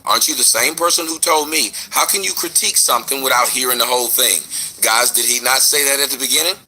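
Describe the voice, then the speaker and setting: Host man with a husky, bright edge; rhetorical, lively rebuttal rant. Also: mid-range voice, fast, faint music behind. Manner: animated, rhetorical, mocking retorts. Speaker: online show host. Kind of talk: commentary vlog rant.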